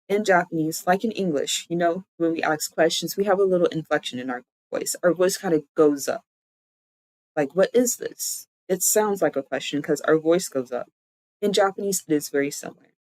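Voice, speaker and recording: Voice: medium pitch, no echo, rough recording. Chatty streamer explaining grammar, dry sound. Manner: chatty, loose explanations full of "like"; self-correcting, thinking aloud. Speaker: streamer teaching language. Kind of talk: casual live-stream lesson.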